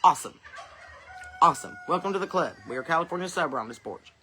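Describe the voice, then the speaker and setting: A woman's voice: deep voice, animated, fast talker, pushed and bright, a little hiss or hum. A woman with a Southern accent, hosting a podcast from her porch in blunt, folksy, profane chat, with chickens clucking nearby. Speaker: podcast host.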